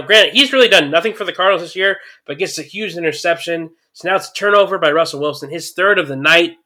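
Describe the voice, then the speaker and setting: A man giving a casual, chatty recap of a football game, getting excited at big plays and using lots of fillers. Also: on the high side. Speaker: sports commentator.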